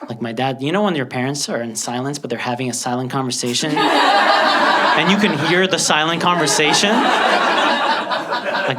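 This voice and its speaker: A man in his thirties from Lebanon doing a stand-up comedy set, telling stories in an animated way and acting out the voices. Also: medium pitch, heavy background noise. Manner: animated storytelling with acted-out voices. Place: stage before a live audience.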